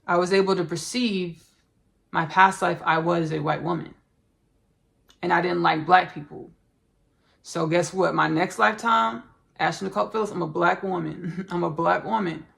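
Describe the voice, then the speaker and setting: Female podcast host, gravelly fry-heavy voice, earnest spiritual monologue with halting, repetitive delivery. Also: fairly low pitch, fairly bright tone.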